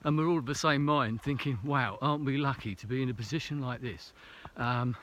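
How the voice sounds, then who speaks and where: A man's voice: medium pitch, a little fast, a bit bright. A man talking casually to a camera while hiking a snowy mountain trail, a little out of breath, rambling and hesitant with many fillers. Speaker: vlogger.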